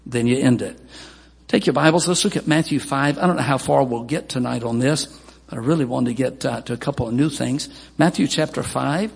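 A man's voice: a little fast, creaky, breathy edge. A man preaching a sermon as pastor, emphatic, with Scripture readings and quoted asides. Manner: emphatic preaching, voices quoted people in a raised pitch. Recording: long hall reverb.

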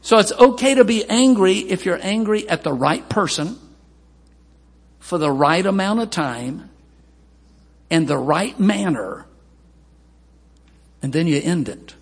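A pastor preaches emphatically, reading Scripture and voicing quoted people in a raised pitch. He is expressive and unhurried, with long pauses and a breathy edge, and a long hall reverb fills the recording.

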